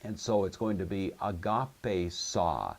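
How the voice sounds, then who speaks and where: A man's voice: low-pitched, expressive, takes it slowly, vocal fry. A man giving a recorded lecture on Greek grammar. He explains each rule patiently, step by step, and checks that his students follow. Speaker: Greek teacher.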